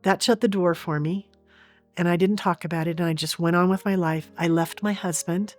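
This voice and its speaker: A woman's voice: fairly low pitch, steady tone, normal speed, soft background music. A woman guest in an interview, earnestly and vividly retelling a personal experience.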